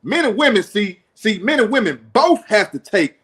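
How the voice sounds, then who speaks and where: Man, high husky voice, wide pitch swings, sermon-like podcast delivery. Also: big pitch swings, moderate pace, fairly bright tone. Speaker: podcast co-host. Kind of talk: casual podcast chat.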